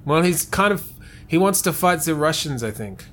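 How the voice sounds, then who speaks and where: Man doing a stiff deadpan villain, formal broken phrasing, kinda high voice. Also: normal speed. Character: stiff, self-serious male villain, formal. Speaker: game designer character.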